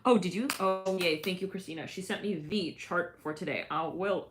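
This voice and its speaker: With a fairly low voice and an unhurried delivery, a young livestream host rambles through a casual stream over slight background noise. She giggles a lot and breaks into bits of songs.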